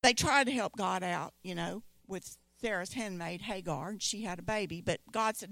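A middle-aged woman, preaching a sermon and retelling scripture stories in an animated way. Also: mid-range voice, moderate pace, gravelly, hardly any pauses, no echo. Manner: storytelling, animated quoting of scripture voices.

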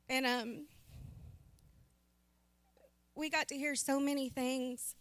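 Woman, emotional church testimony, bit high voice, dry close sound. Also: level tone, slow, pauses often, no room sound. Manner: emotional, heartfelt. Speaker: church member sharing a testimony.

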